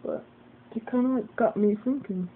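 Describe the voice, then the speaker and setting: A woman's voice: on the high side, normal speed, husky. A woman telling a story into her phone camera, swearing freely and acting out both sides of an argument. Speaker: vlogger. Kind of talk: casual venting story. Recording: tinny phone-like audio, faint hiss.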